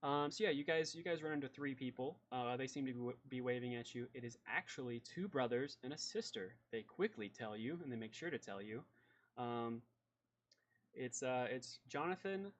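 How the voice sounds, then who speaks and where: A man's voice: mid-range voice, moderate pace, highs cut off. A man narrating as game master in a loose, rambling way full of fillers.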